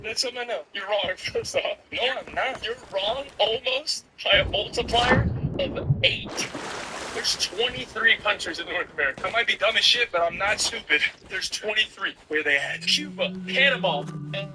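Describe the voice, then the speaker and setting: A man's voice: high-pitched, lively intonation, normal speed. Guy joking thru a street quiz, far from the mic, noisy street. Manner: joking, playful.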